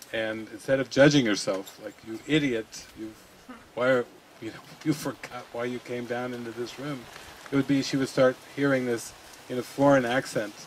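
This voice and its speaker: Male spiritual teacher, mid pitch, easygoing musing delivery, faint hiss behind. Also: rough recording. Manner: relaxed, musing, laughs often. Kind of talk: unscripted spiritual talk.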